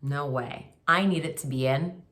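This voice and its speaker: A woman's voice: low voice, moderate pace, bright, forceful tone. A woman teaching a remote kindergarten writing lesson, talking to young children in a patient, sing-song way.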